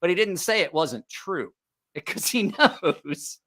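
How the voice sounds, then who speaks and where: A man hosting a casual podcast chat, telling animated stories and jumping up in pitch when he quotes people. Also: unhurried. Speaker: podcast host.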